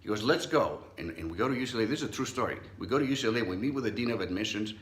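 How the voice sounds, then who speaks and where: A man's voice: lowish voice, very fast, echoey room. A middle-aged man, a psychologist, giving a motivational talk and telling a personal story, acting out the voices he quotes. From Southern California. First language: not English.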